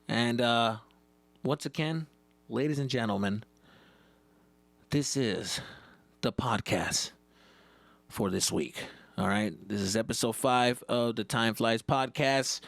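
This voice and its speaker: A man's voice: medium pitch, no room sound. A man hosting his own comedy podcast, telling stories in loose, profane chat that mixes in Spanish words. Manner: animated, swears constantly, mixes in Spanish. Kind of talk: casual profane storytelling.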